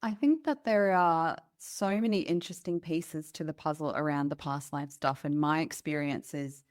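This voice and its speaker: Lively woman podcast host. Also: deep voice, normal speed. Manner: lively storyteller. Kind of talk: podcast conversation.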